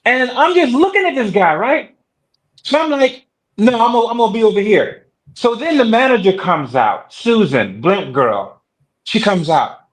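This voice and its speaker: Guest, man, high voice, animated storyteller. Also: brisk, low-quality recording. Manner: lively storytelling with acted voices. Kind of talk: casual storytelling.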